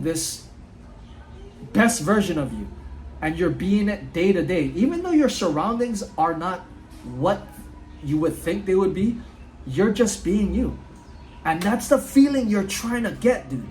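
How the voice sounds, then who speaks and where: A man's voice: sits high, a little mellow, slight background noise, rough recording. A man giving an earnest, casual motivational talk outdoors at home, often saying "dude" and "like". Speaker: motivational vlogger.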